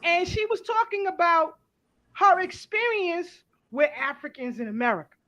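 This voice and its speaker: A middle-aged woman, hosting a casual panel talk, blunt and animated, swearing freely. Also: extremely high pitch, moderate pace, muffled recording. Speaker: host.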